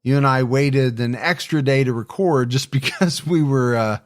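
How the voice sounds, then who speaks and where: A man hosting a casual true crime podcast, talking in a relaxed, easygoing way. His voice sits at an ordinary middle pitch. He chats loosely with his co-host. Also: normal speed. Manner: relaxed, easygoing, laughs often.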